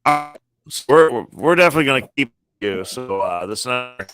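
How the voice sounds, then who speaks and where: A man hosting a casual chat over a video call from his phone, halting and restarting his sentences. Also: mid-range voice, lively intonation, fairly bright tone, soft background music. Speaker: podcast host.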